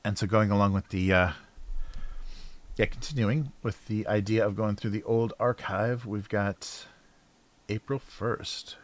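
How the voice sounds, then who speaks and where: Low-pitched male cartoonist, casual livestream chatter while drawing, mumbly, trails off. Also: steady tone, a little slow. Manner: mumbling to himself, trailing off, soft laughs.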